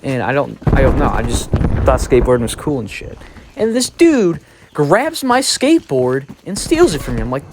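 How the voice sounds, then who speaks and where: A man's voice: mid-range voice, sing-song, normal speed, background noise. Rambling young man over game gunfire. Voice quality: rambling, profane, many restarts. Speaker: vlogger. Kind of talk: casual storytime. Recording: loud gunfire sounds behind. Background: loud video game gunfire.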